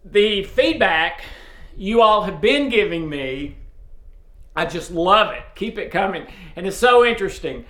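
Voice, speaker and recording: A man from East Tennessee with a strong Southern accent, casually and loudly addressing viewers as host of a faith video series. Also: high-pitched, lively intonation, a little slow. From East Tennessee, USA. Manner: loud, speaks up forcefully. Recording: roomy echo.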